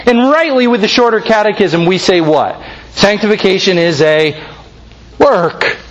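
High-voiced, lively male preacher. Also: muffled recording, slight background noise. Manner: earnest, emphatic preaching with slow stressed phrases. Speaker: pastor. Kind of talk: sermon.

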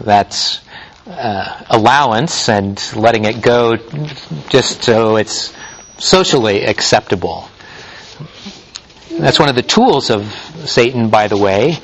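A male pastor preaching a sermon, teaching in a measured way with frequent small restarts and fillers. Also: mid-range voice, low-quality recording.

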